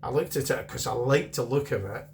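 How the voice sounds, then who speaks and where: A man's voice: mid-range voice, a little fast, gravelly, darkish tone, a little hiss or hum. A middle-aged Scottish man chatting casually through a beer review, rambling and repeating himself.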